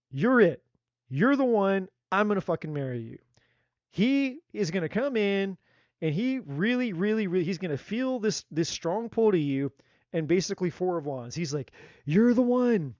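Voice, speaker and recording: A man giving a live tarot reading in a blunt, animated way, swearing freely and acting out what people might say. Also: sits high, no room sound, muffled recording. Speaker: tarot reader.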